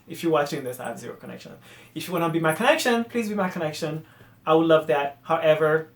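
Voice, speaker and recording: A man rants on his solo podcast in a high-pitched voice. He is animated and exasperated, then drops to quiet mutters. The room around him rings with a noticeable echo. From Haiti. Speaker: podcast host. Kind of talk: casual solo rant.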